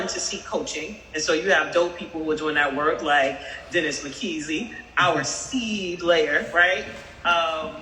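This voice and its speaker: A woman's voice: low-pitched, pushed and bright, echoey room, big-room sound, distant mic, a little hiss or hum, low-quality recording. A woman who is a school principal gives an earnest, encouraging thank-you speech on a group video call. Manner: earnest and encouraging, with faith language. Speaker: school principal, new deputy superintendent.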